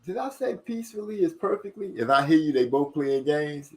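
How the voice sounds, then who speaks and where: A man hosting a casual livestream, reading viewer comments aloud and rushing and stumbling over his words. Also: on the high side, lively intonation, darkish tone. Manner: fast-talking, rushes and stumbles over words. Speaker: livestream host.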